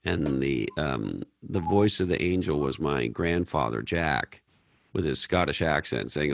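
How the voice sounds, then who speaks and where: A man's voice: rumbling low, animated, unhurried, creaky, no room sound. A man from Canada hosting a podcast Q&A, blunt and profane, telling stories in a casual way. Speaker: podcast host. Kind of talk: casual Q&A talk.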